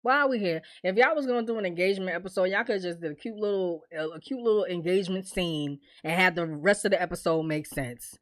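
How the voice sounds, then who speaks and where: A young woman vlogger, recapping a TV episode in a casual, animated way and acting out the characters' lines. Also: lowish voice, dry recording. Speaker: vlogger reviewing a TV series.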